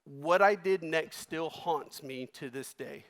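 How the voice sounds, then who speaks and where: Guy giving a keynote, emotional storytelling, goes loud then real quiet, big hall echo. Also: on the high side, takes it slowly. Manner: emotional, swings between loud and hushed. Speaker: keynote speaker. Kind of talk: personal storytelling speech. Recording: long reverb of a large hall.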